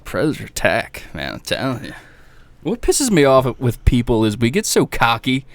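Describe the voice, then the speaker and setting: A man in casual podcast chat, reading news clips aloud and tossing in crude, blunt reactions. His voice sits mid-pitch and is recorded dry and close, with no room sound around it. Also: wildly swooping pitch, normal speed, no room sound. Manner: profane, blunt, reads news items aloud. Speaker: podcast co-host.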